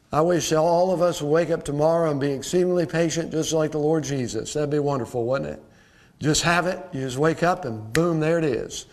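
A pastor preaching a sermon, reading scripture aloud in old formal wording and repeating key words for emphasis. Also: male voice, a little high. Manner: emphatic, repeats key words, asks the congregation rhetorical questions.

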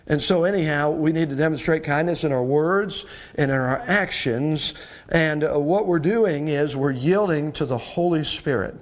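Male pastor, middle-aged, slightly raised pitch, plainspoken folksy sermon delivery. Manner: folksy, direct address to congregation, frequent "uh" and rhetorical questions.

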